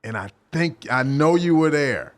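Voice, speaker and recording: A man guesting on a podcast, talking in an animated, slangy way that swings from loud to soft. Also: a little high, unhurried, a little hiss or hum. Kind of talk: casual podcast chat.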